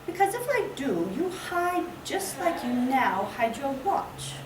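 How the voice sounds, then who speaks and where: A man's voice: very high-pitched, sing-song, unhurried, voice pushed up, heavily acted. A woman doing a bold foreign man in broken English. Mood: flirtatious. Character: foreign male artist, bold and flirtatious. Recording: echoey room, distant mic, background noise.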